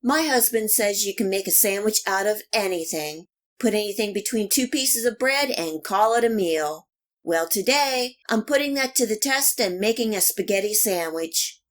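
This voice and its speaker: Speaking at a moderate pace in a mid-range voice, a cooking channel host walks through a recipe step by step. Her scripted voice-over stays calm and even throughout.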